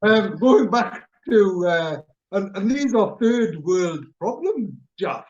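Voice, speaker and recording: A man's voice: high voice, slow, muffled recording. A middle-aged man, hosting a casual chat show and telling an anecdote while chuckling at himself. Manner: animated storyteller, chuckles at himself. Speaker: radio show host.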